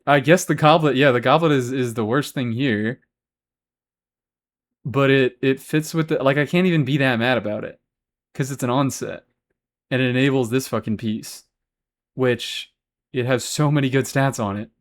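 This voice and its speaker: Male streamer, casual chat, swears a lot, talks back to chat, middle pitch. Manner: chatty, swears freely, answers chat. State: has hiccups. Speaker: game streamer.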